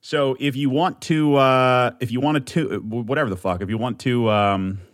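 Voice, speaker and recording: A young man in a solo podcast teaser, talking in a manic, rambling rush full of swearing. His voice sits at a middling pitch and is recorded close and dry, with no room sound. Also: steady tone, moderate pace, no echo. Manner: manic, rambling, swearing, bursts of shouting and laughter. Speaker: podcast host.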